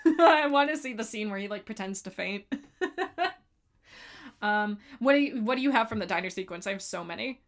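A woman co-hosting a casual chat about a movie, giggly and animated, acting out quotes from her favorite scenes. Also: mid-range voice, a little fast. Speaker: podcast co-host.

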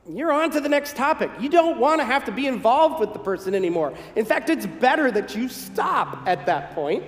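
A pastor from the northern United States delivers a folksy, gently humorous sermon in a conversational way. His voice sits fairly high for a man. The recording carries a roomy echo with a long reverb tail from a church sanctuary. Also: very animated, moderate pace, hardly any pauses. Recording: echoey hall with long reverb.

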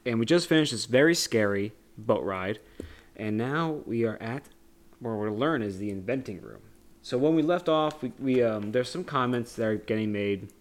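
A man's voice: mid-range voice, lively intonation, normal speed. A young man co-hosting a podcast, recapping a movie in a rambling, joking way with frequent laughs. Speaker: podcast co-host. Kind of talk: casual movie discussion.

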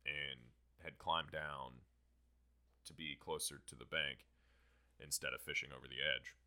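A young man hosting a podcast, telling a story in a casual, profane, animated way. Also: rumbling low, a little slow. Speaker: podcast host.

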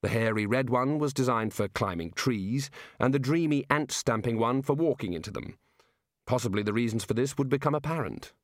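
Recorded with studio quality and no echo, a man with a medium-pitched voice narrates a novel from a script. He reads as an audiobook narrator with a steady, measured storytelling style.

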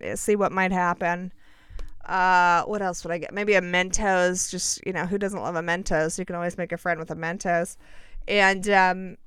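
Chatty woman with a smooth, dry voice. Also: mid-range voice, fairly bright tone, no room sound. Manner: chatty, self-mocking, dramatic asides. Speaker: vlogger telling a personal story. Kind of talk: casual storytelling chat.

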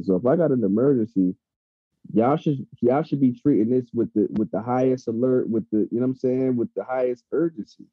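Heated, husky-voiced man chatting. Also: medium pitch, brisk, dry recording. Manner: animated, heated, swearing freely. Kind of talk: casual chat. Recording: dull lo-fi sound.

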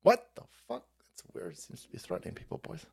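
A man's voice: mid-range voice, wildly swooping pitch, fast, creaky, darkish tone, slightly rough. A man hosting a livestream, reacting to clips with crude, mocking commentary and frequent laughter. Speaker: streamer host.

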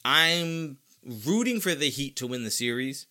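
Unhurried and medium in pitch, a man running a sports podcast makes his case casually but emphatically. He comes across as animated and opinionated, with lots of repetition.

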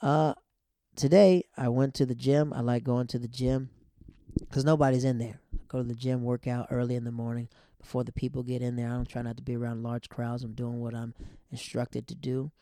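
Gravelly, mellow-voiced young man chatting. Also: mid-range voice, little pitch movement, brisk, no room sound, clean studio sound. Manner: loose, chatty, laughs at own stories. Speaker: podcast host. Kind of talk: casual storytelling monologue.

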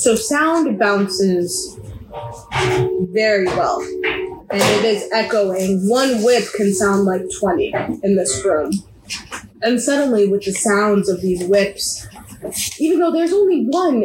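Slow, vivid woman narrating a game. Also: medium pitch. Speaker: game master. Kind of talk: narrating a tabletop game in second person. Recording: roomy echo, faint background noise.

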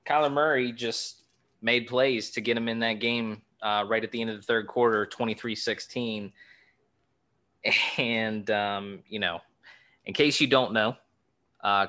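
A man's voice: lowish voice, sharp tone. A man co-hosting a sports podcast, chatting casually about football and rattling off game stats. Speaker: podcast co-host.

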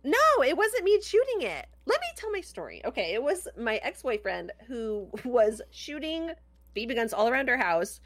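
A woman's voice: a little high, sing-song, moderate pace, no room sound. A woman co-hosting a podcast in a giggly, chatty way that trails off. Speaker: podcast co-host. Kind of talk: casual chat.

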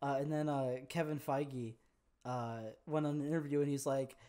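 Young man, casual podcast chat, mid pitch, laid-back, laughs a lot. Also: steady tone, moderate pace, warm tone. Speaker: podcast co-host.

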